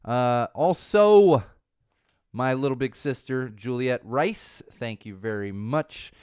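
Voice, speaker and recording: Podcast host, thirties, male, rambling casual delivery, smooth voice, dry close sound. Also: mid-range voice, expressive, slow, darkish tone, no room sound. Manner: rambling, lots of fillers and restarts. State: slightly losing his voice.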